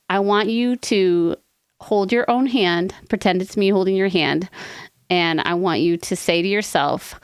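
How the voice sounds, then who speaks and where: A woman co-hosting an advice podcast, talking in an earnest, rambling way with quick asides. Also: mid-range voice, clean tone, no echo, clean studio sound. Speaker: podcast co-host. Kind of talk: casual advice chat.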